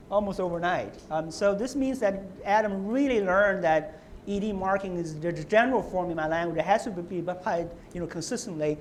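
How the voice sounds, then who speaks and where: Heard through poor audio and slight background noise, a high-pitched man lectures at a university. He explains step by step, frequently adding "right?" and starting his sentences over.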